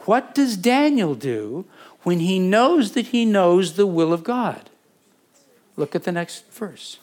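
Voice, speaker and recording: A man with a fairly high voice preaches a Bible sermon. He teaches in a conversational way, adding asides, correcting himself, and quizzing his congregation as he goes. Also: sing-song, takes it slowly, a little mellow. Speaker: pastor.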